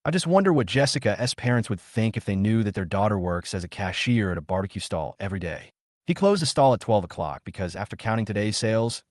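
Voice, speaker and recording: A man narrating a story recap in a plain, even reading. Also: lowish voice, no room sound, clean studio sound.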